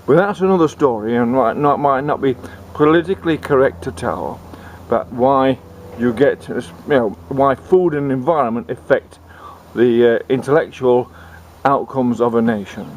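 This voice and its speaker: A man's voice: mid-range voice, moderate pace, a little mellow, dull audio, a little hiss or hum. A man telling a comic tall tale in a rambling way, often repeating words. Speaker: storyteller. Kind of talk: comic storytelling.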